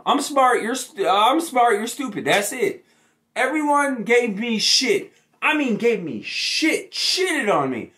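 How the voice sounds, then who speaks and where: Young male sports vlogger, bright and sharp-edged, mocking and profane. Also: high voice. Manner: mocking, gloating, swearing heavily. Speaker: sports YouTuber. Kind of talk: profane ranting sports vlog.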